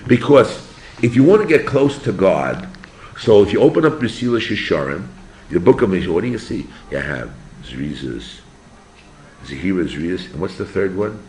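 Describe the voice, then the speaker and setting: An older man, a rabbi, giving an animated yeshiva class and asking his students questions. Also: deep voice, moderate pace, slight background noise. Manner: animated, asks the students questions, acts out voices. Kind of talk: yeshiva lecture.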